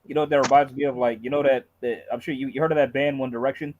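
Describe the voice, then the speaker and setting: A man chatting casually on a stream, talking fast and stumbling over his words. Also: medium pitch, fairly even intonation. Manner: fast, stumbling, laughs often. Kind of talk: casual chat. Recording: dull lo-fi audio with faint hiss.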